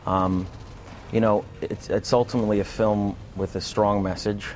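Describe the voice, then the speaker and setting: Man, actor guest, low voice, thoughtful, halting restarts, dull broadcast audio. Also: flat delivery, darkish tone, a little hiss or hum. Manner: thoughtful, repeats words when starting sentences. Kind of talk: broadcast interview.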